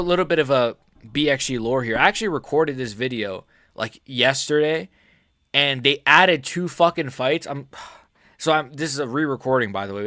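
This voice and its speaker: A man talks through his fight predictions in a loose, excitable vlog style, cursing often and catching himself mid-thought. His voice sits at an ordinary middle pitch. The sound is dry and close, with no room echo. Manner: excitable, swears a lot, jokey, self-correcting. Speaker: MMA prediction channel host.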